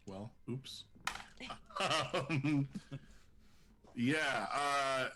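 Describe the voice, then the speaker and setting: A man's voice: medium pitch, expressive, a little slow, sharp tone, slight background noise. A man playing a tabletop game, talking casually about his character's actions. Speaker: player.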